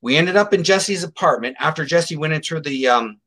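With a slightly high voice and a brisk delivery, a middle-aged man shares a case story as an interview guest. He's casual yet emphatic, lively throughout, and acts out the quotes of others.

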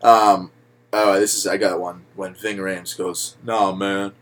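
Animated young man chatting about a film. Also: low-pitched, unhurried. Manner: animated, swearing, many likes and laughs. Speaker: podcast co-host. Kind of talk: casual movie chat.

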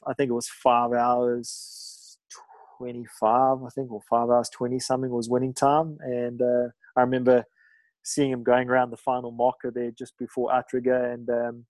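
A man's voice: medium pitch, completely flat delivery, normal speed, a little mellow, no echo, poor audio. A middle-aged man telling a story in a rambling way, full of fillers and restarts. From South Africa. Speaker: guest, ocean ski paddler. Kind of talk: casual storytelling.

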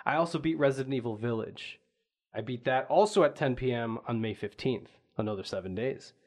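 A man's voice: mid-range voice, brisk, darkish tone. A man hosting a casual gaming podcast, swearing freely and laughing often. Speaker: podcast host.

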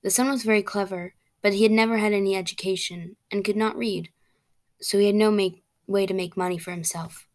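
A woman reading a fairy tale aloud as a storyteller, plain and steady, with small slips and restarts. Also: mid-range voice, a little fast.

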